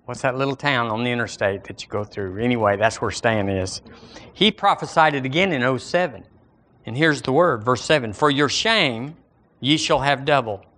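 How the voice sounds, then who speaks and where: Man, Southern accent, pastor, sermon, folksy and emphatic, middle-aged, mid-pitched voice. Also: fairly quick, fairly bright tone. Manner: folksy, rising into emphatic scripture reading.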